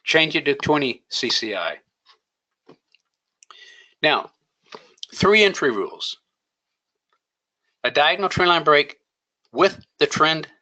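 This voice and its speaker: A man with a fairly high, pushed and bright voice teaches a day trading lesson over screen share. He coaches emphatically and poses rhetorical questions, and the recording quality is low.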